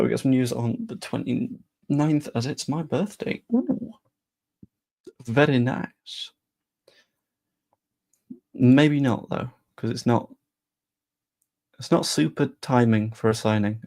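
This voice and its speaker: A man's voice: medium pitch, vocal fry, darkish tone. A young man chatting casually on a live stream about football, rambling with self-deprecating asides.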